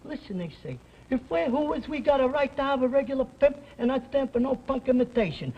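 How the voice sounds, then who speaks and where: A brash, hot-tempered New bartender and pimp who talks in street slang. His voice sits very high. The sound is dull, old TV audio. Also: expressive, a little fast, husky, full character voice. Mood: sneering. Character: tough young bartender pimp, quick-tempered. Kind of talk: 1960 television drama acting.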